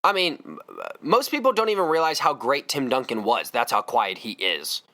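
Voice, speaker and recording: Male podcast host, emphatic sports rant, bright tone, animated delivery. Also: medium pitch, moderate pace. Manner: fired-up, emphatic ranting.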